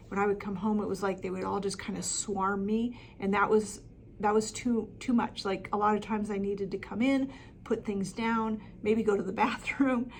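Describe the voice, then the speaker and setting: A woman's voice: mid-range voice, a little hiss or hum. A middle-aged woman coaching parents with practical advice, talking plainly with frequent ums and restarts. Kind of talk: talking-head advice video.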